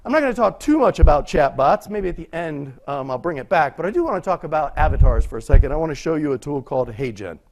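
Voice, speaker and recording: A man's voice: fairly high pitch, big pitch swings, quick pace, few pauses. A man giving a conference talk in a conversational way, often asking rhetorical questions and checking in with "right?". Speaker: conference speaker. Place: lecture room.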